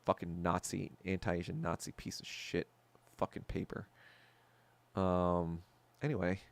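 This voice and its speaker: A man's voice: deep voice, little pitch movement, measured pace, creaky. A man hosting a solo podcast chat, ranting bluntly and profanely with lots of filler words and abrupt topic jumps. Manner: blunt, jumpy topic changes. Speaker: podcast host. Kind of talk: solo livestream chat, answering viewers.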